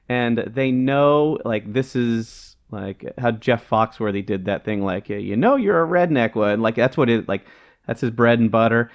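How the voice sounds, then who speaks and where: Man, podcast co-host, casual chat, rambling, lots of fillers. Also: medium pitch. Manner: rambling, searching for words with many fillers.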